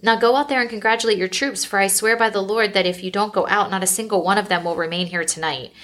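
A woman's voice: medium pitch, fast talker, fairly bright tone, natural voice. A woman reading the lines of a stern male army commander as he scolds his king.

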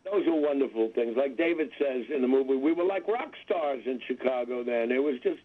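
A man's voice: mid-range voice, a little fast. A man in his seventies, a comedian calling in as guest, talking in a wry, rambling way with self-deprecating asides. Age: 70s. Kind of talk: phone-in interview chat. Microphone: telephone. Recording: tinny phone line.

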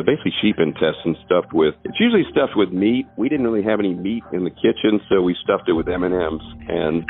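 A man co-hosting a comedy podcast, telling absurd jokes in a dry, straight-faced way. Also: deep voice. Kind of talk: deadpan comedic banter. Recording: phone-like audio with faint music.

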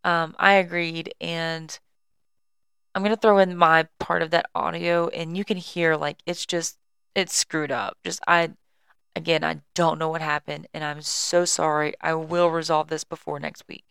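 A young woman who hosts a podcast and works in EMS sits on her couch at home, casually telling a work story and apologizing. Her deep, smooth voice is creaky and a bit bright, with little pitch movement and a slightly slow pace, and there's no echo.

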